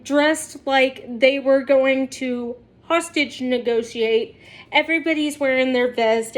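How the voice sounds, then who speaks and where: A woman vlogger telling a story to her viewers in a chatty way, often laughing as she talks. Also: high voice. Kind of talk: casual storytelling to camera.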